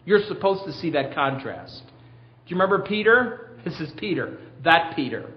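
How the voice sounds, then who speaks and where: Male preacher, high pitch, emphatic with rhetorical questions; muffled lo-fi sermon capture. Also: big pitch swings, normal speed, slight background noise. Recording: dull lo-fi sermon recording.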